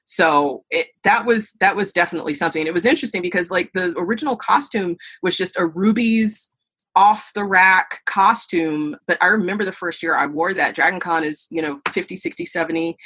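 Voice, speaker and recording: A middle-aged woman with a husky, slightly low voice tells stories as a podcast guest. She is animated and acts out the voices of people she quotes. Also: fairly quick. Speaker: podcast guest, burlesque performer. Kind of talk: storytelling interview answers.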